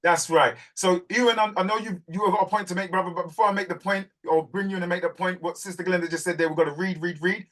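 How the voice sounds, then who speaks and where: A man with a high, lively voice hosts a community call. He talks like a preacher, urging his listeners on and hammering home key words. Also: fast, few pauses. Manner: preacherly, urges listeners, repeats words for stress. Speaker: host of a community group call. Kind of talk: fervent live group talk.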